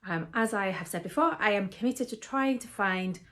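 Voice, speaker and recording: A woman who teaches mindfulness and acupressure in a gentle, chatty way, with frequent ums. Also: mid-range voice, moderate pace. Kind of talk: relaxed instructional talk to camera.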